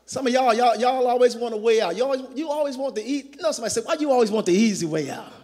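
A man preaching a sermon in call-and-response style, building to shouts. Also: extremely high pitch, very fast. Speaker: pastor. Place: large church sanctuary. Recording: long church reverb.

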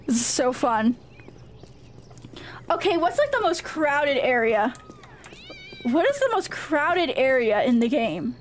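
A woman's voice: sits high, expressive, unhurried, pauses often, noisy background. A woman streaming a game, chatting casually, giggling often and cooing in baby talk at her dog. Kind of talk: casual gameplay commentary.

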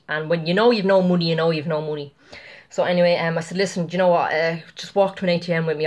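Woman, middle-aged, slightly low voice, casual rambling testimony vlog. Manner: chatty, rambling, many fillers and asides to viewers. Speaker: Christian vlogger.

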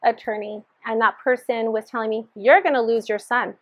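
A woman's voice: on the high side, fairly even intonation, moderate pace, a bit bright, no echo. A woman sharing her personal testimony in an earnest storytelling manner, re-enacting the dialogue as she recalls it.

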